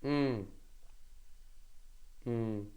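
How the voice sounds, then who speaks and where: A man's voice: mid-range voice, very slow, warm tone, muffled recording. A young man ranting casually to his livestream chat, blunt and profane, with many restarts. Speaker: streamer.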